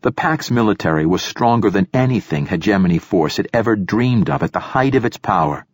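A man reading a first-person novel aloud as an audiobook narrator, in a dry, measured way. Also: fairly low pitch, animated, no echo.

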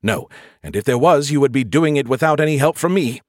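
A man's voice: medium pitch, expressive, a little fast, a little mellow, no echo, studio quality, voice pushed up, close to an everyday voice. A man voicing a snarky, dramatic male AI with a tiny hologram avatar, whiny and exasperated. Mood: grumbling, scornful.

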